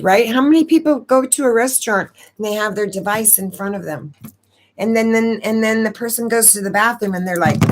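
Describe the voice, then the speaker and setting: A woman hosting a casual live stream, talking in a rambling, emotional way and repeating words as she goes. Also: medium pitch. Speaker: astrology channel host.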